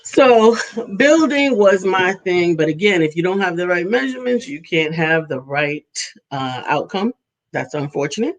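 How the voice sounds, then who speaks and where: A woman's voice: fairly low pitch, expressive, moderate pace, poor audio. A woman in her fifties co-hosting a live talk show, chatting playfully and breaking into sung greetings. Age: 50s. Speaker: co-host. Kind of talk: casual live show chat.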